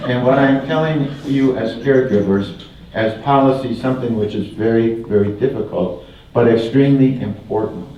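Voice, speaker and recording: A man's voice: mid-range voice, normal speed, mellow, slight background noise. An older man from Wisconsin giving a folksy public talk, mixing humor with repeated phrases. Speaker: guest speaker. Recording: distant, roomy, dull hall recording. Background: audience laughter.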